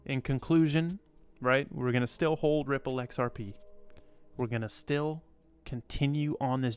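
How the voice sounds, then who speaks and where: With a clear, resonant, mid-range voice, this crypto channel host delivers loose commentary straight to camera. He's emphatic and blunt, swearing liberally, wandering off on tangents and circling back to say the same things again.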